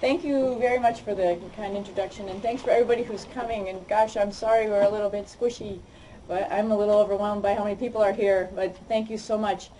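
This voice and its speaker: Brief: woman with a Boston accent, guest speaker, quick and chatty, mellow tone. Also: medium pitch, fairly even intonation, recorded from a distance, a little hiss or hum, low-quality recording. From Boston, United States. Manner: fast-talking, chatty, self-deprecating. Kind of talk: public talk to an audience.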